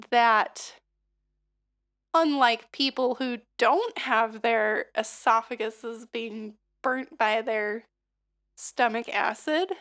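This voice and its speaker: A hoarse woman singer and livestreamer chatting casually and leading a vocal warm-up, rambling with lots of fillers and little laughs. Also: a little high. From United States.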